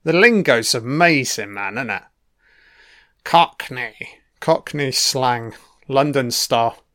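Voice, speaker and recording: A man's voice: medium pitch, expressive, takes it slowly, a bit bright. A young man giving casual, wry film commentary, swearing freely as he reacts to the scenes. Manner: profane, wry running remarks.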